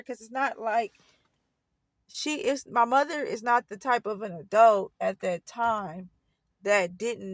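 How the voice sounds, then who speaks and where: A woman's voice: mid-range voice, dry recording. A woman casually recounting a painful personal story, rambling and correcting herself as she goes. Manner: rambling, self-correcting, earnest retelling. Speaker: storyteller vlogger.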